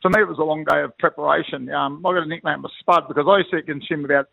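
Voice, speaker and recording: A man's voice: fairly high pitch, fairly even intonation, quick pace, vocal fry. A middle-aged Australian man, a retired rugby league player, telling rambling blokey stories as a guest. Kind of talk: phone interview, storytelling. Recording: tinny phone line.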